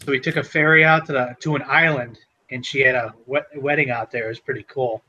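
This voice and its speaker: Bright-voiced Chicago-area man chatting on stream. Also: mid-range voice, fairly even intonation, fairly quick, highs cut off. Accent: Chicago-area Midwestern. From Chicago area, Illinois. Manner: chatty, greets viewers by name. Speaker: co-host of a livestream. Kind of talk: casual livestream chat.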